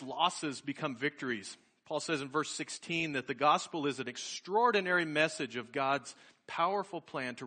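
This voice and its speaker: Guy preaching, tells his story earnest and slow, bright voice. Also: medium pitch. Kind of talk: sermon storytelling.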